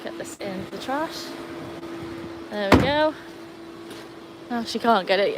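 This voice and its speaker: A woman hosts a casual livestream from her outdoor garden, chatting with viewers while fussing over her dogs. She speaks slowly and expressively at a medium pitch, with background noise in the audio.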